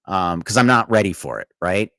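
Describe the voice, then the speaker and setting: A man's voice: sits low, lively intonation, normal speed, a bit bright, dry recording, studio quality. A man telling a rambling, chuckling story in a casual podcast chat.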